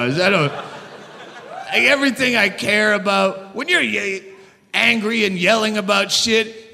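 A male stand-up comedian doing a profane, angry ranting routine on a live stage, often shouting. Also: high voice, gravelly. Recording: live show with hall reverb and audience.

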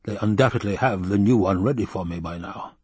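A man reading an audiobook and voicing a scheming, gluttonous baron, speaking slowly and coldly. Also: a little mellow, husky, no room sound. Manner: slow, low, cold and calculating. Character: scheming, gluttonous male baron, cold and wary.

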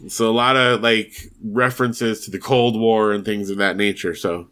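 A man's voice: fairly low pitch, fairly even intonation, normal speed, a bit bright. A man co-hosting a podcast, casually retelling a TV episode in a chatty way and leaning often on "like". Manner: chatty storytelling with frequent "like". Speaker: podcast co-host.

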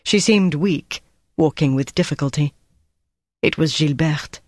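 Audiobook narrator reading a war thriller, steady and even, dry booth sound. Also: medium pitch, a little slow, no echo. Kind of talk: scripted narration.

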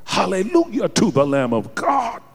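A male preacher with a high-pitched, animated voice who speaks slowly and deliberately. He swings from hushed lows to shouted climaxes. His words ring out with a long reverb, as if in a large hall. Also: vocal fry, breathy edge. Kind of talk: sermon.

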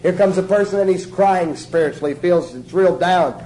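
A man's voice: high voice, moderate pace, a loud crowd, heavy background noise. A man preaching an informal sermon in a folksy, joking way, often asking his listeners questions. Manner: folksy, jokey, asks the audience questions.

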